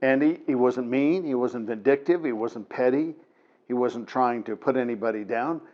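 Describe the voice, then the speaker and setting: A man's voice: medium pitch, normal speed. Middle-aged guy, folksy motivational storyteller, punchy delivery, kinda dull lo-fi sound. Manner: folksy, emphatic, laughs between points. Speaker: TV program host.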